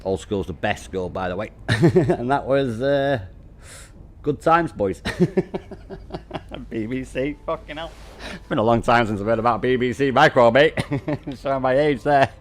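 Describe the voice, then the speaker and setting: A man's voice: mid-range voice, a little slow. A man, chatting casually on a game live stream, laughing often and swearing freely as he banters with chat. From Warrington, northwest England.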